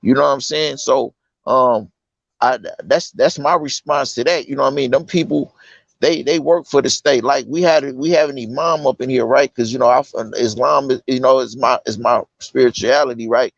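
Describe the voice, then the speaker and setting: A man's voice: medium pitch, steady tone, normal speed, gravelly, no room sound. A man from California speaking in a middle voice, earnest and insistent, heavy on street slang and "you know what I'm saying." The recording is dull and lo-fi, with a close, dry sound and almost no room around him. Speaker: incarcerated guest. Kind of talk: casual conversation.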